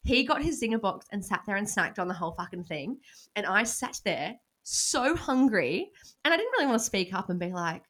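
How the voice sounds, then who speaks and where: Aussie girl in her 20s telling a bad date story, swears a lot, middle pitch. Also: brisk. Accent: Australian. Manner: storytelling, swears freely, animated quoted asides. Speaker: podcast co-host. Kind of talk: casual chat.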